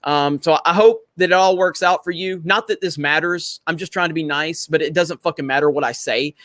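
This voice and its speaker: Broadcasting casually from home in Florida, a man reads his chat's comments aloud, laughing a lot and cursing without restraint. His voice is fairly high and fairly bright, he talks briskly, and the recording is dry.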